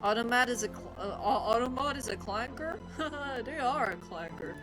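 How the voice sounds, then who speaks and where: A young Irish woman live-streams with game music behind her, rambling casually and defensively as she talks to her chat. Her voice is fairly high and animated at normal speed, and the recording is rough.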